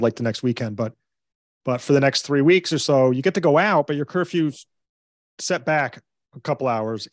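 A man, a parenting coach, giving advice as a guest in a relaxed interview, explaining in earnest with quick bursts. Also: mid-range voice, dry recording, clean studio sound. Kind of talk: conversational interview.

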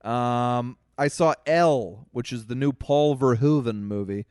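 A man's voice: medium pitch, a little slow, a little mellow, clean tone, dry recording, studio quality. A man co-hosting a podcast, talking casually, cursing freely, and telling stories to listeners he calls folks. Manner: profane, storytelling, addresses listeners as folks. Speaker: podcast co-host. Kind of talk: casual chat.

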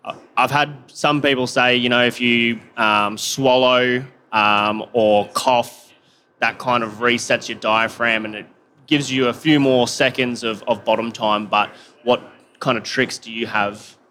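Bright-voiced man, hesitant question from the floor, faint background noise. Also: mid-range voice, fairly even intonation, a little slow. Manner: hesitant, many ums. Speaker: audience member asking a question.

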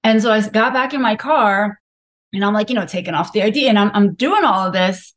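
A woman's voice: mid-range voice, brisk. A woman physician, a podcast guest, telling her own story candidly and frankly, with many filler words. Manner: frank, confessional, heavy use of filler words.

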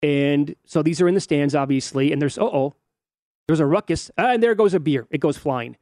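A middle-aged sports betting host talks in a slightly high, worked-up voice, acting out outrage as he narrates clips. The mic is close and dry, with no room sound. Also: a little fast, dry recording. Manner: animated, mock-outraged, acts out fans' lines. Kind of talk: casual sports talk, narrating fan videos.

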